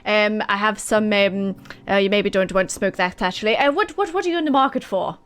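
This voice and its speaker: A woman voicing a flamboyant male tiefling shopkeeper who is fussy and chatty, with a high, fluttery, hesitant delivery. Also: fairly quick, fairly bright tone, lightly acted.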